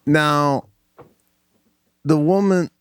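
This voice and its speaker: A man co-hosting a podcast, casually telling an animated story and acting out the voices of the people in it. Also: fairly high pitch, extremely slow, clean tone, dry recording, studio quality. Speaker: podcast co-host.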